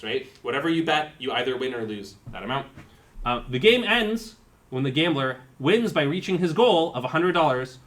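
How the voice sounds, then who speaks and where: A man's voice: mid-range voice, fairly bright tone. A man giving a university lecture, explaining terms step by step and thinking aloud with fillers. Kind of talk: live-coded lecture.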